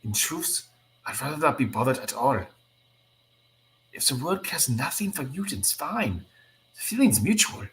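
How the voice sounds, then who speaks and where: Brief: man reading a bitter, tired comic-book mutant man, mid-pitched, impassioned. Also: moderate pace, creaky, a bit bright, low-quality recording. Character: weary, disillusioned male mutant teammate.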